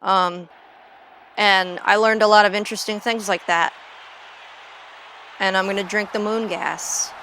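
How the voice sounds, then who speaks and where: A woman's voice: mid-range voice, steady tone, a little slow, pauses often, a bit bright, a little hiss or hum. A young woman chatting casually on a gaming livestream, rambling and joking with frequent swearing. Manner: rambling, jokey, swears freely. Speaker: streamer.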